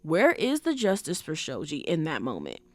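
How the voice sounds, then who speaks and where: A woman's voice: low voice, normal speed, no echo. Emphatic woman podcaster, dry close sound. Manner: animated, emphatic, rhetorical questions, frequent fillers. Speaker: podcast host. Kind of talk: casual commentary.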